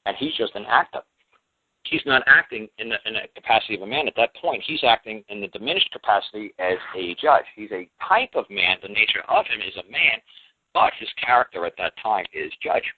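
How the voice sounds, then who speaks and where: A man with a husky, slightly breathy voice talks in a folksy, emphatic way, often slipping into the voices of the people he quotes. His voice comes through a thin, phone-like line. The sound is dry, with no room around it. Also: lowish voice, lively intonation, brisk, no echo. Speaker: talk show guest. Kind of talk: radio talk show monologue.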